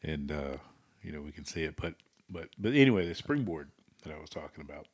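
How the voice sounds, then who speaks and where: A man co-hosting a casual podcast chat, rambling and laughing, often trailing off into quiet asides. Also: very deep voice, lively intonation, fairly quick, slightly rough. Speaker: podcast co-host.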